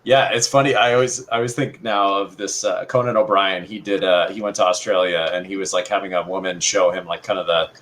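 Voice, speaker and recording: A man's voice: deep voice, fairly even intonation, a little fast, hardly any pauses, fairly bright tone, a little hiss or hum. A man co-hosting a live stream, chatting in an easygoing, storytelling way. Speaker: co-host of a live art stream. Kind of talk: casual live-stream chat.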